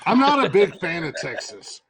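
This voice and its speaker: A man's voice: sits high, sing-song, moderate pace, crowd noise. A man from Ohio co-hosting a comedy podcast, ranting crudely and laughing often. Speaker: podcast co-host.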